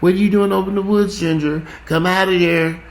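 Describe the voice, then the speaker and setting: A man's voice: sits high, fairly even intonation, fairly quick, pitched above the performer's own voice, low-quality recording. A man voicing a sugary-sweet adult who coaxes a dog in a syrupy, sing-song voice. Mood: coaxing.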